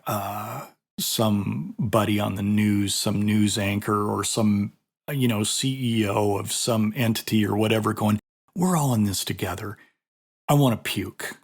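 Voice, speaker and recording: A man's voice: lowish voice, steady tone, measured pace. A middle-aged man, a martial arts instructor, chatting casually and telling a story with lots of fillers. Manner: storytelling, conversational, many fillers. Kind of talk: casual monologue.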